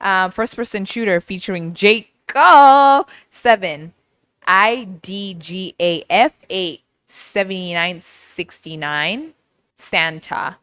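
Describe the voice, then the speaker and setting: A young woman hosting a casual music podcast, animated, laughing often and mimicking voices as she talks. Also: mid-range voice, slow pace, smooth, no room sound, clean studio sound. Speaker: podcast host.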